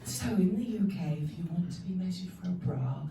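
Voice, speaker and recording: A British woman with a lowish voice performs a brisk stand-up set on a comedy club stage, chatty and confiding before building to loud punchlines. She's recorded from far off in the echoey, noisy club, with the audience laughing in the background.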